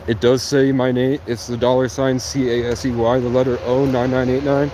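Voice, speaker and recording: A man's voice: medium pitch, flat delivery, brisk, slight background noise. A man rambling on a casual livestream from a tent outdoors in cold rain, talking to his chat and swearing freely. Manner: rambling, swearing, talks to chat, bursts into song and sudden shouts.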